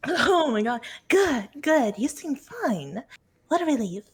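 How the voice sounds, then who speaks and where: A woman's voice: sits high, very animated, slow, breathy edge. A woman co-streaming a horror game, laughing often, joking and encouraging her partner while reading files aloud. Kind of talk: casual co-op gameplay chat.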